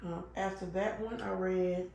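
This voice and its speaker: A fairly low-voiced woman chats casually and rambles, full of ums and restarts, with an occasional cough. She sounds echoey, as if in a bare room. Faint noise sits behind her. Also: steady tone, measured pace, vocal fry. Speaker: vlogger. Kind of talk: casual chat while crafting.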